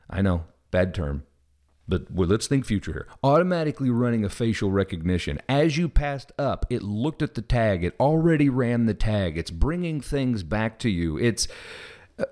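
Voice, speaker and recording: A man from the Midwest with a Southern US accent, a podcast host talking through ideas in a casual monologue, animated and full of restarts. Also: fairly low pitch. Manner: animated, thinks aloud with many restarts.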